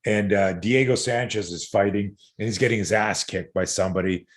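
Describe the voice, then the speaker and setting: A middle-aged man, a self-defense coach, telling stories as a podcast guest in an animated way, swearing casually and full of fillers. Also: lowish voice, a little fast.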